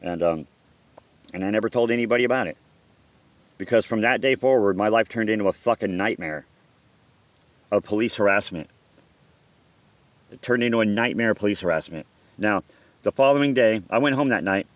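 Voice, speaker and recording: A man's voice: lowish voice, a little fast, long pauses, dry recording. A middle-aged man from Southern California telling a personal story in a casual, profane, rambling way, full of restarts and quoted dialogue.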